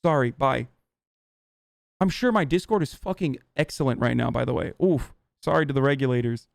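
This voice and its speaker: A man streaming live, ranting heatedly at his chat with lots of swearing and halting restarts. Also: mid-range voice, vocal fry, no echo, clean studio sound. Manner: profane, agitated, halting restarts.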